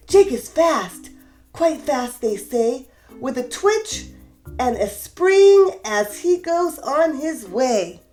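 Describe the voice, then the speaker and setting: Woman, children's story host, read-aloud, high voice, animated melody. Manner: warm, expressive, rhyming delivery.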